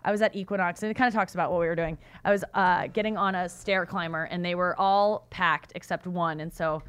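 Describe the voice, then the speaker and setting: A woman's voice: lowish voice, brisk, clean tone. A woman co-hosting a podcast, telling a story in casual chat and acting out the people in it. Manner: animated, acts out voices in anecdotes. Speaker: podcast co-host.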